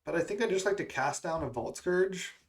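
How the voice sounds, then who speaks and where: A man's voice: sits high, animated, brisk. Man thinking aloud over a card game. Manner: musing, self-questioning strategy talk. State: has the hiccups. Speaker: gaming content creator.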